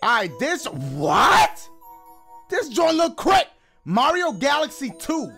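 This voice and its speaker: High, yelping man playing a game. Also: huge pitch swings, slow pace, faint music behind. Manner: loud, yelps and shouts often; talks to the audience as "guys". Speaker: gaming channel host. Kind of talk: excited gameplay commentary.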